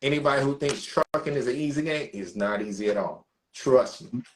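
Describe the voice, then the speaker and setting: A man telling a story on a podcast in a casual, animated way, swearing freely and acting out the people he quotes. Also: mid-range voice, a little fast, slight background noise. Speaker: podcast co-host.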